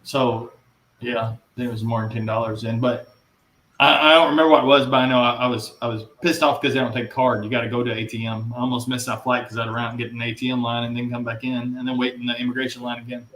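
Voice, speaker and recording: A man's voice: mid-range voice, level tone, fast, a bit bright, slight background noise. A man talking as a podcast guest, telling blunt, rambling anecdotes in casual chat. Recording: roomy echo.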